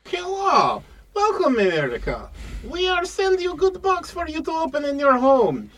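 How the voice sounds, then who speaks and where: A man voicing a pushy male pitchman who talks in broken English, in an improv comedy bit. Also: big pitch swings, normal speed, fairly bright tone, slightly rough, heavily acted. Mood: hyped selling. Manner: broken English, overblown patriotic sales talk.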